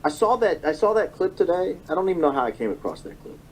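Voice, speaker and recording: A man's voice: high voice, very animated, fast talker, rough recording. A man in his thirties giving an emotional political monologue, often repeating phrases and correcting himself. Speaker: political commentator. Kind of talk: monologue commentary.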